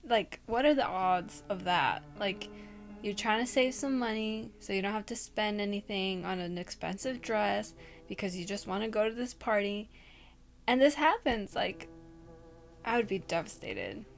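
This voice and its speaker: A woman's voice: medium pitch, expressive, moderate pace, creaky. A woman hosting a casual read-aloud storytime, with blunt, chatty asides that include swearing. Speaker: channel host. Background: faint music and noise from outside.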